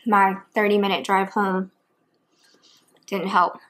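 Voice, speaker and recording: A woman's voice: mid-range voice, little pitch movement, takes it slowly, noisy background. A woman chatting casually between bites in a home eating video. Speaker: mukbang vlogger. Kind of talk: casual chat while eating.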